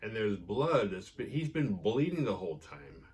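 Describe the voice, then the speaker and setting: A man hosting a podcast, casually retelling a horror episode with profanity and quick acted-out quotes. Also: fairly low pitch, big pitch swings, a little mellow, slightly rough. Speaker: podcast host recapping episodes. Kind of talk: casual recap chat.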